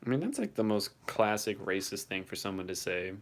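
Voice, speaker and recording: A man's voice: on the low side, big pitch swings, moderate pace, few pauses. A young man hosting his first livestream, reading chat and reacting casually, swearing now and then, his voice shaking from the cold.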